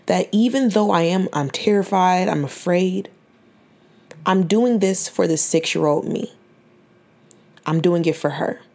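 A 21-year-old woman hosting a podcast gives an earnest, faith-filled personal testimony, fighting back tears and often restarting her phrases. Her voice is fairly low and darkish, unhurried, with frequent pauses.

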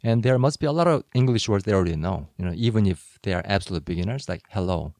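Man, gravelly, low voice, dry mic, agreeable podcast co-host. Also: animated, fast talker, a little mellow, dry recording. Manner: agreeable, frequent affirming backchannels. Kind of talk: casual podcast conversation.

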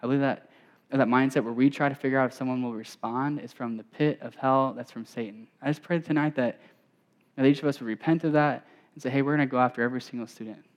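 A young man preaching to students as a campus pastor, telling stories in a conversational way, full of asides and quick restarts. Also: medium pitch, steady tone. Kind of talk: conversational sermon. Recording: dull, reverberant hall sound.

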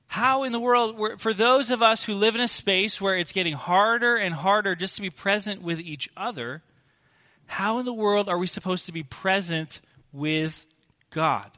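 A man's voice: high voice, sharp tone, long reverb tail. A man preaching a sermon as pastor, earnest and emphatic, asking rhetorical questions.

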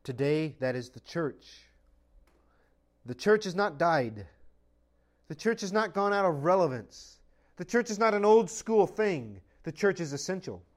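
A pastor delivers his sermon in a high male voice, pressing each point with rhetorical questions. His preaching is emphatic and unbending, driving home what he holds as fixed truth. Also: big pitch swings, measured pace.

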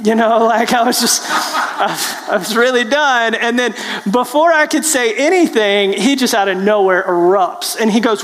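A man, a preacher telling a personal story in an animated, self-deprecating way with halting restarts. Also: extremely high pitch, in a large hall, slight background noise. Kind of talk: storytelling testimony.

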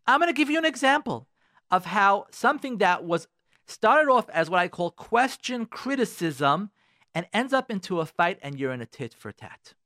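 A man's voice: high voice, sing-song, normal speed, bright, forceful tone, dry recording, studio quality. A man giving marriage advice on a radio talk show, preaching with rhetorical questions and repetition. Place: radio studio.

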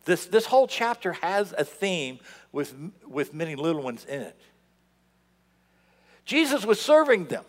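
In a church sanctuary, a pastor delivers a sermon with a lively, swooping style, his voice a little high for a man, leaping from loud outbursts to hushed asides. He's unhurried and pauses often, and a long reverb fills the space.

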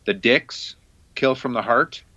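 A man's voice: medium pitch, takes it slowly, pushed and bright, dry recording, lo-fi sound. A man co-hosting a music podcast in casual, enthusiastic, teasing chat. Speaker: podcast co-host.

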